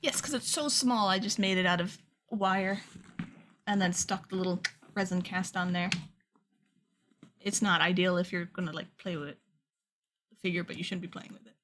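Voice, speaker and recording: A woman's voice: on the low side, normal speed, long pauses, fairly bright tone, slight background noise. A woman chatting casually and rambling a little while she paints a small figure on a livestream. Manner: chatty, rambling, laughs easily. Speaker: art streamer.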